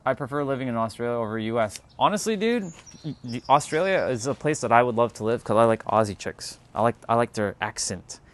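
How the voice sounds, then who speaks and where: A man riffs loosely to his live chat, often stopping mid-word to start again. His talk sits at an ordinary middle pitch. The delivery is candid and unscripted. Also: animated, brisk. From Canada. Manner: rambling, restarts words, loose and candid. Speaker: livestreamer talking to chat. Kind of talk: casual live-stream chat.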